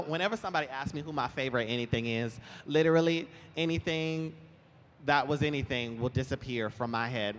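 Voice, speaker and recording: A young man chatting as an interview guest on a convention stage, animated and quick to laugh, telling his stories with lively put-on voices. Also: mid-range voice. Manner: animated, giggly, lively storytelling. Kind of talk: casual chat on stage. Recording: roomy hall with faint ambience.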